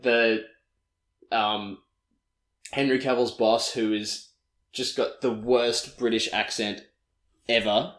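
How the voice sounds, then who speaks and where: A man co-hosts a casual podcast, recapping a film in a rambling way full of fillers and false starts. His voice sits at a middling pitch and sounds echoey, as if he is in a bare room. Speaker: podcast co-host. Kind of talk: casual chat.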